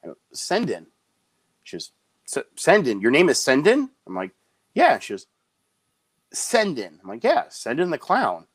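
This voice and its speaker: A man in casual interview chat, an animated storyteller who slips into quick high voices when he quotes people. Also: slightly rough, no echo. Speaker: guest, clown performer.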